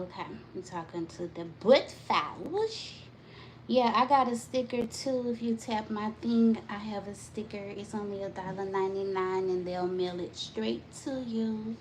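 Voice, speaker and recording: Unhurried, chatty mom in a noisy kitchen. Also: female voice, medium pitch. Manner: chatty, greets viewers by name. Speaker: live-streaming mom vlogger. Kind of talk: casual live-stream chat. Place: home kitchen, doing dishes.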